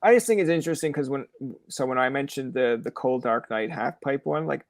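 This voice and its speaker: Young male podcast host, animated storyteller, dry close sound. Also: medium pitch, brisk, no room sound. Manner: animated storyteller who acts out quoted lines. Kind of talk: casual chat. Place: room in his parents' house.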